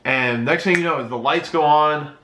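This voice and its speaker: A man's voice: on the high side, normal speed, sharp tone, a little hiss or hum. A man in his twenties telling a casual, rambling story time with plenty of swearing, recorded in an echoey room. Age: 20s. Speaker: YouTuber and streamer.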